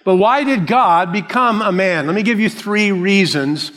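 A male pastor preaching a sermon, slow and emphatic, repeating key phrases. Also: high voice, fairly bright tone, long reverb tail.

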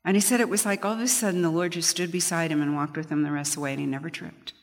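A woman's voice: low voice, fairly even intonation, rapid-fire, long reverb tail. A middle-aged woman giving a conversational Bible teaching, telling personal stories with chatty restarts. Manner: chatty storytelling, frequent restarts, light laughs.

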